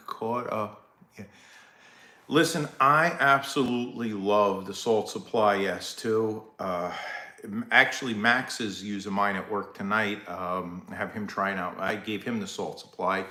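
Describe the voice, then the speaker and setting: A man's voice: fairly low pitch, pushed and bright. A man with a Brooklyn and Staten Island accent hosting a live stream, chatting loosely with viewers and greeting them by name as he rambles and restarts. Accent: New York (Brooklyn/Staten Island). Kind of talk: casual live stream chat. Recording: echoey room.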